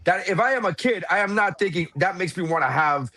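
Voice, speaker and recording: A man's voice: high-pitched, a little fast, dry recording. A man co-hosting a podcast in casual chat, ranting with heavy swearing. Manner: profane, ranting and animated. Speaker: podcast co-host.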